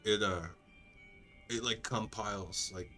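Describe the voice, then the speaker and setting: A man's voice: lowish voice, steady tone, slow, sharp tone, faint music behind. A young man casually commentating a video game, laid-back, swearing and laughing a lot. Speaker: gaming streamer. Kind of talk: casual let's-play commentary.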